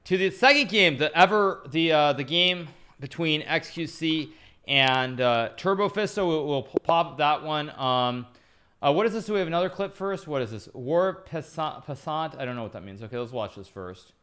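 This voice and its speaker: Bright-voiced man rambling through chess commentary. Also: on the high side, expressive, normal speed, clear, resonant tone. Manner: chatty, rambling, repeats phrases; thanks viewers for subscriptions between moves. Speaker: chess streamer analyzing games. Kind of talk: casual live-stream commentary.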